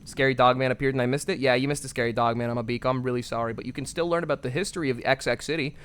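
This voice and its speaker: A man's voice: medium pitch, fairly even intonation, racing, fairly bright tone, clear, resonant tone. A man streaming a game, reading its text aloud with stumbles and swearing at himself in a self-mocking way.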